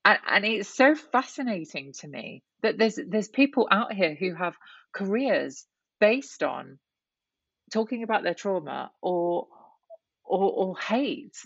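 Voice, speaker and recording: A woman's voice: mid-range voice, very animated, slow pace, creaky, husky, no room sound, dull audio. A woman guest talking candidly in an interview, reflective and full of restarts and "you know"s. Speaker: guest, writer and columnist.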